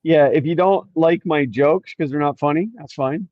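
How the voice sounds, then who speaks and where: A man's voice: fairly high pitch, normal speed, dry recording. A middle-aged man from the US co-hosting a livestream, chatting casually and joking at his own expense. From United States. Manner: joking, self-deprecating, rambling. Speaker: co-host of a livestream. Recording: dull dry home mic.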